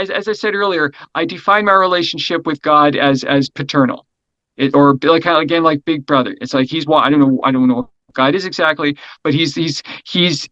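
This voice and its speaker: A middle-aged man talking as an interview guest in a casual, energetic way, rambling, restarting and asking "right?" often. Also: fairly high pitch, no echo, muffled recording. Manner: energetic, rambling, repeats words, frequent "right?".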